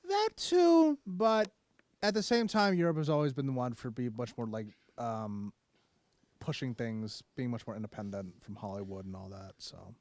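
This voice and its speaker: A young man co-hosting a casual podcast, easygoing and quick to agree, trailing off with fillers. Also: medium pitch, no room sound. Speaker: podcast co-host. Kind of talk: casual chat.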